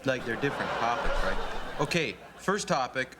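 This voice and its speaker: A man's voice: mid-range voice, lively intonation, moderate pace, very noisy, natural voice. A man playing a good-natured, dim Canadian hoser in a sketch comedy bit, with a Canadian accent and a laid-back, drawling delivery. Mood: goofy.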